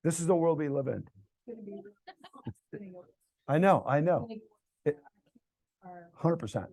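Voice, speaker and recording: Middle-aged American man, casual group talk, fairly high voice, dry sound, animated storyteller. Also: slow pace, dry recording. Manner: animated, builds to loud excited outbursts. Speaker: speaker at a church forum. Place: church hall event.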